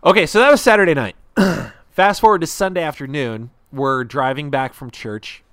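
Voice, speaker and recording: A young man with a smooth, resonant voice that sits a little high tells a story in loose, rambling podcast chat. He pokes fun at himself and fills his talk with fillers. The sound is dry and close, with no room around it. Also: normal speed, fairly bright tone, dry recording. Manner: self-deprecating, rambling with many fillers.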